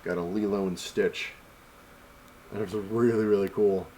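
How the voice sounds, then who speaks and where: Low-voiced man rambling through a haul. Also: steady tone, normal speed, warm tone, slight background noise, low-quality recording. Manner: rambling storyteller, many fillers and "I was like" quotes. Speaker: comic collector vlogger. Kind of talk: casual convention haul recap.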